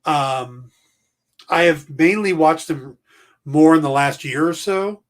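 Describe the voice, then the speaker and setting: A man co-hosting a podcast, chatting casually in a relaxed, slightly hesitant way. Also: a little high, slow pace. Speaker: podcast co-host. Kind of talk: casual chat.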